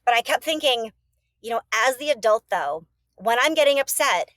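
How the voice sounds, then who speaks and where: A woman's voice: a little high, expressive, normal speed, fairly bright tone, no room sound. A woman in her thirties joins a podcast as a guest and talks about her own parenting. She is reflective and casual, often restarting her sentences. Her voice is recorded close and dry. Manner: reflective, many fillers and restarts. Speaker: podcast guest, mother of three. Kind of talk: casual chat.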